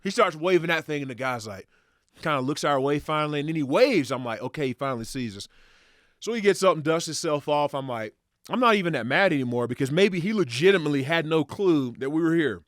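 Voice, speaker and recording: Podcast guest, male, lively profane storyteller, fairly high voice, dry close sound. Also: fast talker, no room sound. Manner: animated, profane, excitable retelling with acted quotes. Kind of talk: casual storytelling.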